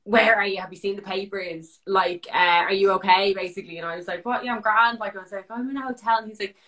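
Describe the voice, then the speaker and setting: An animated young Irish woman chats as a podcast guest. She tells her story fast and loose, leans on "like" and swears freely. Her pitch sits in the middle range for a woman. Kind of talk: casual storytelling chat.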